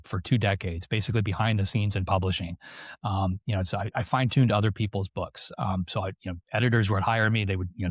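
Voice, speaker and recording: Fast-talking low-voiced man. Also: dry recording, studio quality. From United States. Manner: rambling, filler-heavy, self-deprecating humor. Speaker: guest author. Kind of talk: casual interview talk.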